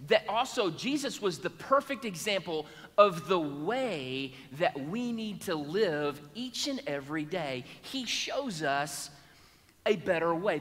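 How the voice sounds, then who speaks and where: A man's voice: high voice, fairly bright tone, in a large hall. A man preaching a sermon, telling a Bible story and acting out its people's voices. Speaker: pastor. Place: church sanctuary.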